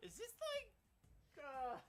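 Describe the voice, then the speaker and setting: A man streaming live gameplay, commenting excitably with frequent swearing and bursts of laughter. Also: very high voice, slow pace, music in the background. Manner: excitable, loud outbursts and laughter; swears freely.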